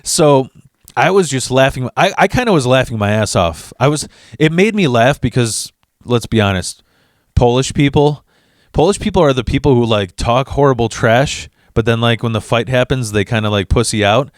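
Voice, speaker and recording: A man hosting a vlog, telling a comedic story in an animated, profane, fast-talking way. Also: mid-range voice, dry recording, studio quality. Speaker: vlog host.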